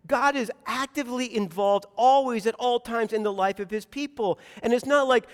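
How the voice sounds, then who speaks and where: A man's voice: extremely high pitch, normal speed, few pauses, clean tone. A man preaching a sermon in a church, impassioned, acting out anguished prayers and repeating his phrases. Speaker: pastor. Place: church sanctuary. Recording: long hall reverb.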